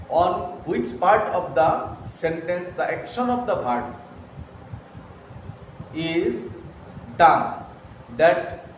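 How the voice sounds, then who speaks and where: A man teaching an English grammar lesson, talking slowly and repeating phrases, often saying "okay" while writing examples. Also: fairly high pitch. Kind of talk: slow grammar lesson at a whiteboard. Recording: very echoey room, mic far off, noisy.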